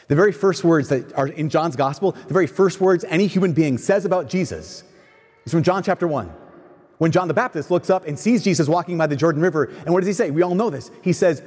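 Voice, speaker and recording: A man preaching a sermon, asking the crowd questions and answering them himself in an animated way. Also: on the high side, fairly quick, breathy edge. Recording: long hall reverb.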